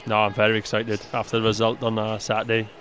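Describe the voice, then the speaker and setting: A man's voice: fairly low pitch, monotone, quick pace, fairly bright tone, faint music behind. A man, an injured footballer, giving brief and modest answers in a casual chat from a stadium stand. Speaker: injured footballer, studio guest.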